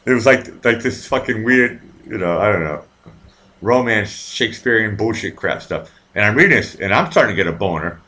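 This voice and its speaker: Male live-show host, low voice, animated delivery, rambling and profane, casual storytelling. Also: normal speed. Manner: rambling, profane, with many restarts.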